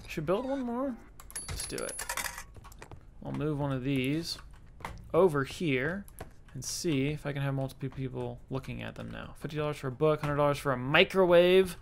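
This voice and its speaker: A man's voice: medium pitch, lively intonation, moderate pace, gravelly, slight background noise. A man giving casual let's-play commentary, chatty and self-mocking, talking to the game's characters. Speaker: gaming YouTuber.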